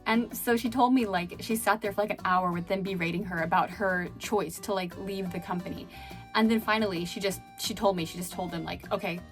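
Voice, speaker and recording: A woman's voice: mid-range voice, brisk, faint music behind. A woman telling stories in a casual vlog, chatty and full of fillers. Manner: chatty, filler-heavy, laughing now and then. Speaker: vlogger and former chat host.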